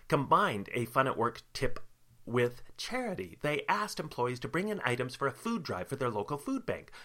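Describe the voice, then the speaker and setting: A man's voice: mid-range voice, sharp tone. A man hosting his own solo podcast, talking through workplace tips in an upbeat, lightly joking way. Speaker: podcast host.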